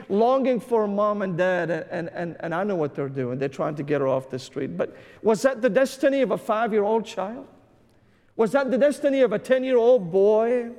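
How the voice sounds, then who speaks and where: Impassioned male preacher in a reverberant hall. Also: high-pitched. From Syria. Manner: impassioned preaching, dropping to hushed intensity. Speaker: pastor. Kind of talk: sermon.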